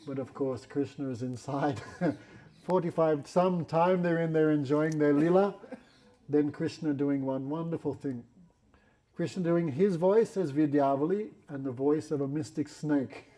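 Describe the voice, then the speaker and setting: A man telling a devotional story in a religious class, animated and laughing often, with non-standard English grammar. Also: a little high, a little slow. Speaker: spiritual teacher.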